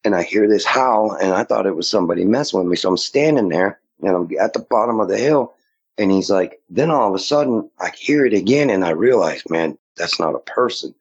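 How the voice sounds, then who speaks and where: A man with a very low, husky voice tells his story casually. He rambles and slips into quoting others mid-sentence. The audio sounds dull and lo-fi. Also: expressive, fairly quick. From Maine. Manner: rambling, quotes others in dialogue. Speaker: guest recounting sightings.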